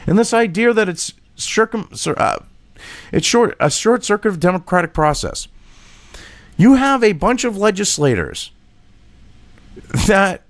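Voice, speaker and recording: A man's voice: sits high, creaky, dry recording. A man giving heated, profane and sarcastic political commentary, reading an article aloud and rebutting it. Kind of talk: ranting commentary vlog.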